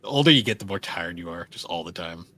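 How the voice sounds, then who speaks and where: Man, low voice, podcast co-host, casual rambling chat, lots of fillers. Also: animated, fast, sharp tone. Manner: rambling, filler-heavy, laughs often.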